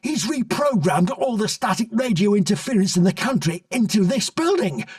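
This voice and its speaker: Man voicing a frantic soldier, screaming, urgent, high, dry distant sound. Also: sing-song, normal speed, darkish tone, no echo.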